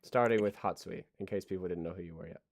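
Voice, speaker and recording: A man's voice: deep voice, fast, gravelly. A young man hosting a game stream as game master, joking and rambling with frequent laughs. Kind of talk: casual chat on a stream.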